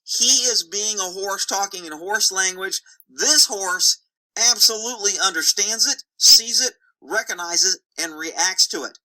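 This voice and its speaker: A horse trainer talks over paused video footage, driving points home with emphatic repetition and folksy slang. The voice is very bright and sharp, at a mid pitch. The delivery is blunt and animated, like a hands-on lesson. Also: low-quality recording. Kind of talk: narrated video commentary.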